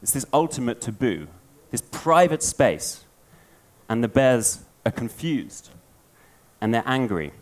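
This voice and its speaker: Animated man telling a story on stage. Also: mid-range voice, slow pace. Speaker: conference speaker. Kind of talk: storytelling conference talk.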